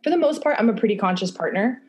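A woman's voice: fairly high pitch, expressive, fast talker, a little mellow, a little hiss or hum. A young woman talking candidly on a podcast, casual, with lots of fillers and swearing. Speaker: guest.

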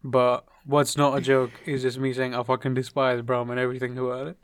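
A young man in casual podcast banter, crude and mocking, swearing constantly and laughing at his own jokes. His voice sits at an ordinary middle pitch and is recorded close and dry, with no room sound. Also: monotone, brisk, clear, resonant tone, dry recording. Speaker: podcast co-host.

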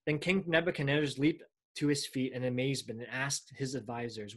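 A man preaching a sermon in a conversational way, often pausing and restarting. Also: mid-range voice, fairly even intonation. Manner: conversational, with frequent fillers and restarts.

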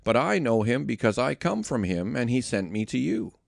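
A man giving voice to Jesus, an earnest male teacher who declaims his words in a lively, rising and falling voice with a gravelly edge. The sound is close and dry. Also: mid-range voice, normal speed, dry recording.

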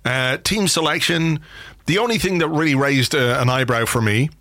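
Chatty podcast host guy, bright voice, dry close mic. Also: on the high side, moderate pace, no echo. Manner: chatty, jokey storyteller. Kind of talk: casual chat.

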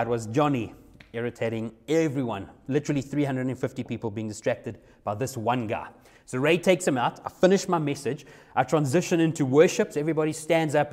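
A man's voice: mid-range voice, a little mellow. A young adult man, a youth pastor telling a personal story in a sermon, conversational and repeating phrases for emphasis.

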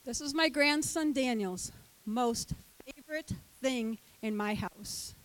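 An older woman who teaches Sunday school, giving an animated sermon and acting out the voices of the characters. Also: sits high, takes it slowly, low-quality recording.

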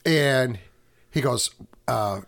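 A man's voice: medium pitch, extremely slow, creaky, a bit bright. A man co-hosting a podcast in casual chat, rambling and correcting himself, often leaning on movie references. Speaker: podcast co-host.

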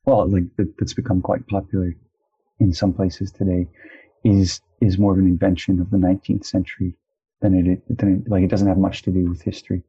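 A man's voice: low-pitched, level tone, fairly quick, dark tone, slightly rough, dull audio. A man in casual chat, talking thoughtfully and hedging with fillers as he explains ideas. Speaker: conversation partner.

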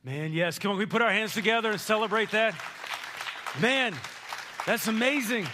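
A male pastor preaching an energetic, playful sermon, rallying his congregation in a church. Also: high-pitched, normal speed, crowd noise, noisy background. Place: church sanctuary.

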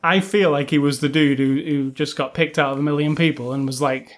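Guy rambling on excitedly about a movie, kinda higher voice, lots of likes and ums. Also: fairly quick. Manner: rambling, enthusiastic, many fillers and restarts. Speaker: film podcast co-host. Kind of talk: casual film review chat.

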